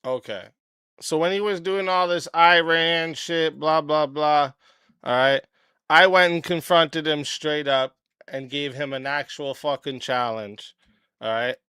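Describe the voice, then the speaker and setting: A man streaming, his voice worn hoarse from yelling, ranting in a blunt, profane, confrontational way. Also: a little high, measured pace, dry recording, clean studio sound. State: hoarse, voice nearly lost. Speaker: streamer and host. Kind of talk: ranting livestream talk. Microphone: desk mic, no headphones.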